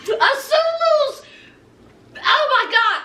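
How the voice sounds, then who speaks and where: A woman's voice: very high voice, animated, slow, sharp tone, recorded from a distance. A woman giving a sassy, laughing recap of a TV show, calling her viewers honey. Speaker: recap vlogger. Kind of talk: casual TV recap commentary. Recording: echoey room, voice away from mic.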